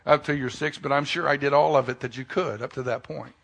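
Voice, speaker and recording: A man preaching a sermon as pastor, his voice bright and edged with a gravelly fry. He swings from loud, emphatic declarations down to quiet, intimate asides, and slips folksy jokes in between. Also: mid-range voice, steady tone, brisk.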